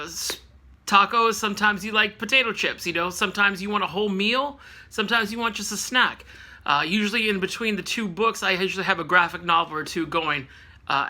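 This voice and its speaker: A man's voice: high-pitched, pushed and bright. A man in his late thirties from California, chatting casually about books he read, rambling with lots of fillers and self-corrections. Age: late 30s. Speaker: book reviewer. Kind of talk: casual book review vlog.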